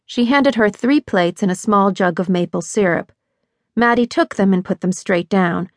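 A woman narrating a suspense novel with a measured, even delivery. Her voice sits at a middle pitch. It is recorded close in a dry studio with no room sound. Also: dry recording. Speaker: audiobook narrator. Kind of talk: scripted narration.

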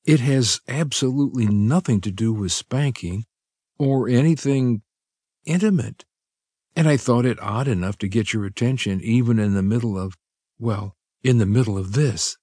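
A man voicing an anxious young wife, speaking softly and hesitantly with a pleading tone. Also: mid-range voice, moderate pace, breathy edge, no room sound, clean studio sound, voice pushed up, lightly acted. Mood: earnest.

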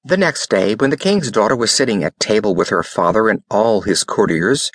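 A man's voice: lowish voice, moderate pace, dry recording. A man narrating a fairy tale as an audiobook reader, telling it expressively. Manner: expressive storytelling.

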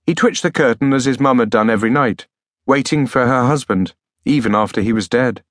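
A man narrating an audiobook thriller in a measured, dark storytelling manner. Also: mid-range voice, no echo, studio quality. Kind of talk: scripted narration.

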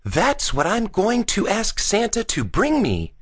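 A jittery little boy from a storybook, pitched high and whining, his voice leaping all over the place, as a man puts him on. There is a slightly husky grain under the squeaky tone. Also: wildly swooping pitch, measured pace, full character voice. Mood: eager. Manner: high-pitched, worried and whiny. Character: anxious, excitable young boy. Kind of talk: children's audiobook character voice.

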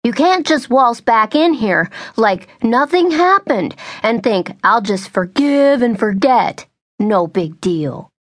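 A woman voicing an angry, drunk middle-aged mother who shouts in a strained, cracking voice. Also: medium pitch, animated, slow pace, dry recording, studio quality. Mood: furious.

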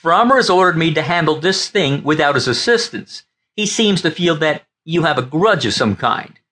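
A man's voice: on the high side, animated, moderate pace, pushed and bright, voice pushed up. A man voicing a nervous ship navigator in an audiobook, anxious and pleading. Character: nervous male ship navigator near tears.

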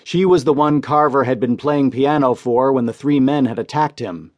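A man reads crime stories for an audiobook, steady and measured. His voice sits at an ordinary middle pitch for a man. The narration is scripted and even. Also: no room sound.

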